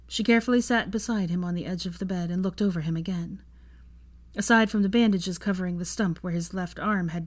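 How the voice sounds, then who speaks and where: Low-voiced woman reading a story. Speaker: fan fiction reader. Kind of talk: storybook narration.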